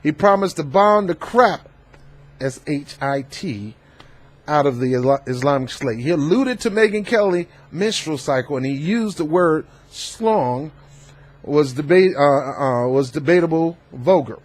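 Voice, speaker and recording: A man hosting a political commentary vlog, talking in an emphatic, animated and preachy way. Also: a little high, unhurried. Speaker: host.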